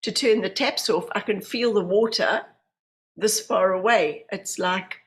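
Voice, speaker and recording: Medium in pitch and measured in pace, this woman's voice recounts personal stories during a podcast interview. She's a New Zealander in her fifties, a medium and hypnotherapist, who tells her tales animatedly and acts out the voices of those she quotes.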